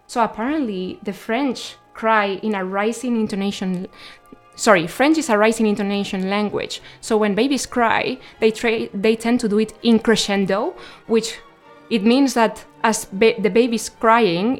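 A young woman hosting a radio show, chatting casually and sharing facts between songs. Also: mid-range voice. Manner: chatty, explaining facts informally.

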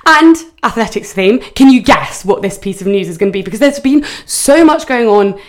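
A woman's voice: medium pitch, lively intonation, normal speed. A young woman hosting a student radio sports show, chatting casually and poking fun at her own slips. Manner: chatty, lightly self-mocking.

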